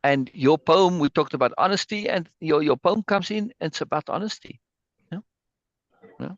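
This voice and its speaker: A man's voice: fairly high pitch, expressive, moderate pace, dry recording, muffled recording. A man leading an online meeting, emotionally praising a poem and reading it aloud, repeating words as he goes. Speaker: spiritual group leader. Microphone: video call.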